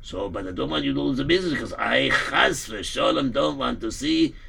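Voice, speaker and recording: Man playing a gravelly, grim Yiddish-accented villager. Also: mid-range voice, expressive, bright, forceful tone, full character voice. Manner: halting, repeats himself. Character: male villager bearing grim news, weary and gloomy.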